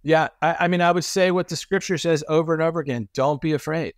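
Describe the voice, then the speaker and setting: A middle-aged man telling stories as a podcast guest, animated and acting out the voices of people he quotes. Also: on the high side, fast talker, no room sound, studio quality. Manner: frequent restarts and repetitions. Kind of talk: conversational storytelling.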